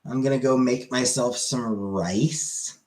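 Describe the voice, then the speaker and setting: A man's voice: medium pitch, takes it slowly. A young man streaming and chatting casually with his viewers, rambling along with lots of fillers. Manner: relaxed, rambling with many fillers.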